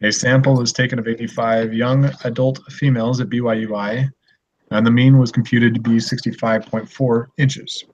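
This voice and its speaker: A young man with a mid-range voice who reads out a stats problem and talks through it in a measured, deadpan way. The call audio is dull, with faint noise under it. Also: medium pitch. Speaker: student in a study group. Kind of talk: casual group study chat on a call.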